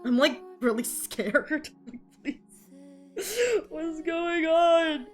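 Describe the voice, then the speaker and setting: A woman's voice: high voice, drawn-out words, faint music behind. A young woman chatting casually on a live art stream, giggly and playfully anxious as she talks to her chat.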